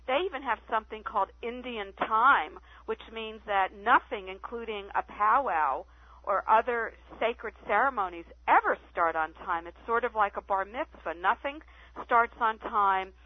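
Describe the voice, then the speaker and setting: A woman guest telling stories on a phone-in radio interview, chatty and animated. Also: fairly high pitch, moderate pace, dry recording. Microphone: telephone. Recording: tinny phone line, dry.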